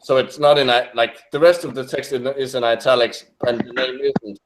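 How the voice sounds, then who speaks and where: A young man talking through a video in casual commentary, at a middling pitch. He often stalls and restarts mid-word, picks his thread back up and breaks into laughter now and then. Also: steady tone, normal speed, poor audio.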